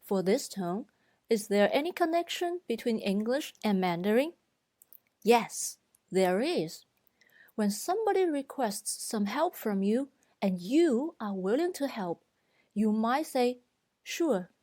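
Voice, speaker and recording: A woman talks through a beginner's Mandarin lesson at a very unhurried pace, her voice sitting a little high. She is deliberate and clear, demonstrating each pitch, and the close recording is dry, with no room sound. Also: sing-song, dark tone, dry recording. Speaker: Mandarin teacher. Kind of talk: slow, careful tutorial narration.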